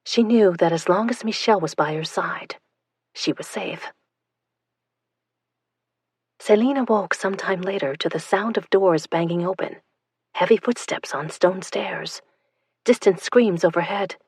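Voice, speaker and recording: A woman narrating an audiobook in a tense, hushed storytelling manner. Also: lowish voice, a little slow, pauses often, husky, no echo.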